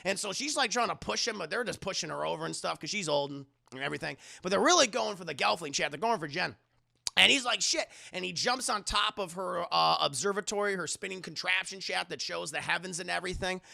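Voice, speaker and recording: A man streaming live, excitedly recapping a film with swearing and constant asides to his chat. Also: sits high, quick pace, creaky. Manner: excitable, profane, keeps addressing chat.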